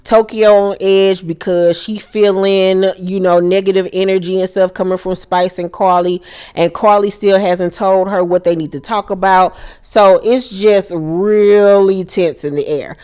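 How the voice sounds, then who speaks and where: A woman's voice: mid-range voice, steady tone, moderate pace, darkish tone, clean tone. A young woman casually recapping a reality show episode, blunt, profane and sassy in her commentary.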